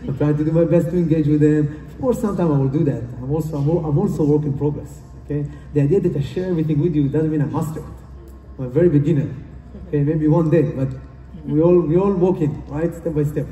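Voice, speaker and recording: A conference speaker with a fairly high pitch and dark tone talks fast through a motivational speech. The recording comes from far off in an echoey hall. He sounds earnest, tends to repeat himself, and uses non-native phrasing.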